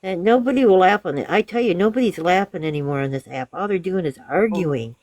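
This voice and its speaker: A woman's voice: on the low side, fairly quick, a little mellow, dry recording. A middle-aged woman chatting on a live stream on her phone, telling a funny story and laughing as she goes. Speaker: viewer joining a live stream. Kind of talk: casual storytelling chat.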